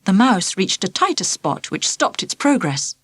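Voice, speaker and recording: Lively woman narrating a children's storybook. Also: medium pitch, a little slow, slightly rough, no room sound. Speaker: audiobook narrator.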